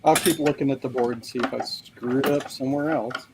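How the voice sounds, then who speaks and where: A man chatting as a guest on a livestream, jumping in with quick remarks. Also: mid-range voice, steady tone. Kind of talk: casual chat on a livestream. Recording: loud noisy call with kitchen clatter.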